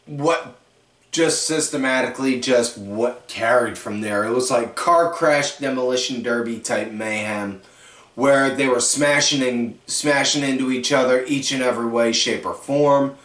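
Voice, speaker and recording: A man hosting a wrestling recap podcast, telling matches as animated play-by-play and correcting himself as he goes. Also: medium pitch. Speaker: podcast host. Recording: echoey room, distant mic.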